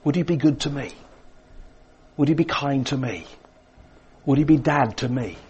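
A man preaching a sermon, swinging between emphatic lines and hushed, quiet ones. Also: medium pitch, moderate pace, slightly rough, lo-fi sound.

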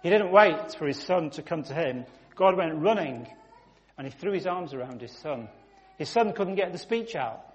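A man's voice: a little high, expressive, moderate pace, dull audio. A man, preaching a sermon through vivid, emphatic storytelling that rises suddenly in volume.

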